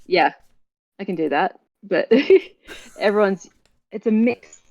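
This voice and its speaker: An Australian woman chatting casually as a guest, upbeat and quick to agree. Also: mid-range voice, gravelly, darkish tone. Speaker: guest, actor and audiobook narrator. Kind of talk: casual chat.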